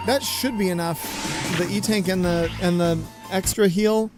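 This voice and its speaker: A man's voice: high voice, fairly even intonation, moderate pace. A man from Puerto Rico, chatting and joking as he plays a video game on a live stream, reacting aloud to what happens on screen. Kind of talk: casual live-stream commentary. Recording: loud game music underneath. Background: video game music.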